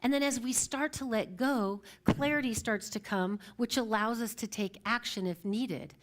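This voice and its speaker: Woman minister, higher voice, conversational sermon, many restarts. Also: moderate pace. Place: church service.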